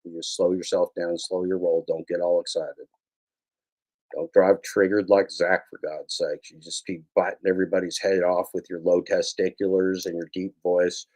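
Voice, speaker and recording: A man's voice: deep voice, steady tone, normal speed, a little mellow. A man giving rambling screen-share commentary as a YouTube broadcaster, sarcastic and mock-scolding, repeating his own phrases.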